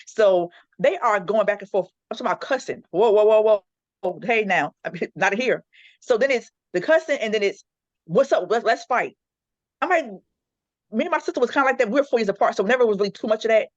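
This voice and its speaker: A woman in her forties on a casual podcast panel, telling animated stories about raising her daughters alone and acting out their arguments. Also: medium pitch, fairly quick, no room sound. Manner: animated storyteller acting out her kids' quarrels. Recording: dull lo-fi recording.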